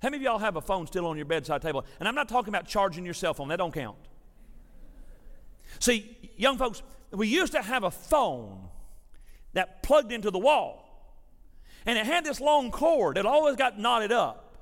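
A man preaching a sermon, telling a folksy story to his congregation in a lively, animated way. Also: high-pitched, normal speed. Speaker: pastor. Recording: preached in a reverberant sanctuary.

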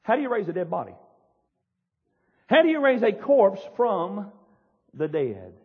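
A man with a strikingly high, husky voice preaches a fiery sermon from the pulpit, crying out with force. The sound is dull and lo-fi, with a long reverb trailing through the church hall. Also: wildly swooping pitch, a little slow. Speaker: pastor. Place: church sanctuary.

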